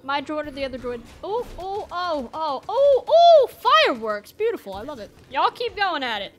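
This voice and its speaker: A woman giving casual, joking gameplay commentary, with lots of excited exclamations. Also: sits high, moderate pace. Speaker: video game player.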